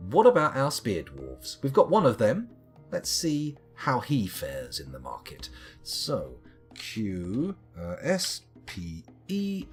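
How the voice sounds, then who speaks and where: A man's voice: medium pitch, husky. A man streaming a game live, chatting and joking as he reads items off the screen.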